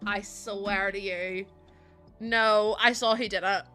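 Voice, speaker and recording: A young woman livestreaming in casual chat, excitable and gushing, often breaking into laughter. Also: mid-range voice, slow, faint music behind. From Northern Ireland.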